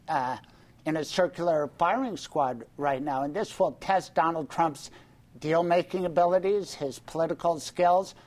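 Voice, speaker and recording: A man who hosts a radio show, giving measured, analytical political commentary on a panel. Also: a little high.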